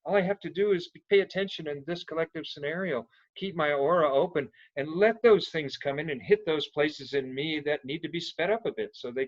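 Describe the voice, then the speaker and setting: A man's voice: a little high, dry recording. Earnest spiritual man on a muffled call. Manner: earnest, spiritual, rambling with restarts. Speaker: participant in an online gathering. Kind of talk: casual reflective sharing.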